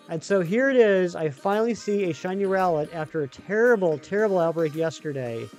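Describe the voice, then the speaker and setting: Male streamer, high voice, chatty and excitable, faint music underneath. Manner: chatty, excitable, talks to chat. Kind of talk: live gaming stream chat.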